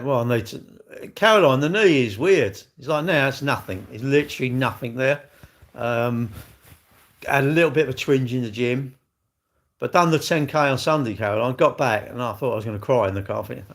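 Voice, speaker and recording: An older man hosting a casual livestream, talking bluntly, arguing with commenters and swearing freely. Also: medium pitch. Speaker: livestream host.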